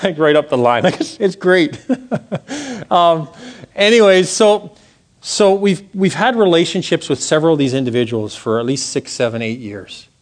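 Earnest man telling a church testimony. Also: a little high. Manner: earnest storytelling, drops to hushed tones. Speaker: church speaker sharing a testimony. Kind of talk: sermon testimony.

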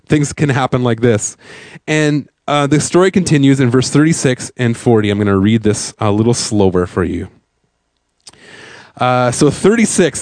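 A man's voice: mid-range voice, darkish tone, no room sound. Man preaching a conversational sermon, dry sound. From Canada. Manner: conversational, with fillers and rhetorical questions. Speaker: pastor.

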